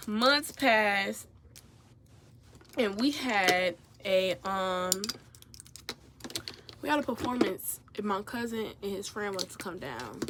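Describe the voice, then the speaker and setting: A young woman vlogger telling a profane, animated story while doing her makeup. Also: medium pitch, slow, long pauses, background noise. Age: young adult. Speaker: beauty vlogger. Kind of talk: get-ready-with-me storytime.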